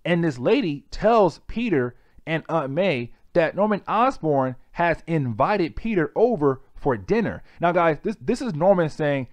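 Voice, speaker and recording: A man with a fairly high speaking voice casually recaps a comic's plot for his viewers. He is chatty and keeps calling them "guys". The recording is dry and close, with no room echo. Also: sing-song, measured pace, few pauses, dull audio. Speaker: comic book reviewer.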